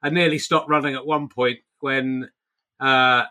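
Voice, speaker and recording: A man's voice: mid-range voice, fairly even intonation, unhurried, sharp tone. A man hosting a casual podcast chat about a novel, laughing often and restarting his sentences. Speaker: podcast host.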